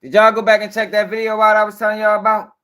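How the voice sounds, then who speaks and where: A man's voice: sits high, flat delivery, fast, sharp tone, clear, resonant tone. A man hosting a live-stream news show, ranting in casual, profane, rambling talk and sounding tired.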